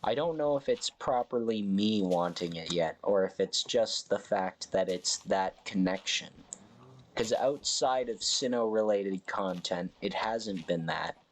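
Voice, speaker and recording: Male streamer, unhurried chatty commentary, rambling self-corrections. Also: lowish voice, a little hiss or hum. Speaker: game streamer. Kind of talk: casual live game commentary.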